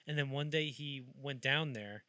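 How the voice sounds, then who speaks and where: A man's voice: medium pitch, normal speed, clean tone, no echo. A man hosting a podcast, telling film-history stories in casual chat and acting out the quotes as he goes. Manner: animated storyteller acting out quotes. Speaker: podcast host.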